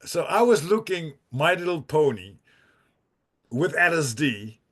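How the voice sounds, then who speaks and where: A man's voice: fairly high pitch, sing-song, a little slow, fairly bright tone. A man, a podcast guest telling a profane, rambling story with laughs and restarts. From Netherlands. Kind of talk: casual storytelling.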